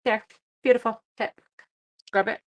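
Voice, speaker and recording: A woman's voice: fairly high pitch, steady tone, moderate pace. A Canadian woman hosting a card-making live stream, chatting casually, greeting viewers by name and thinking aloud as she works. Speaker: card-making livestream host. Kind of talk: casual live-stream chat while crafting.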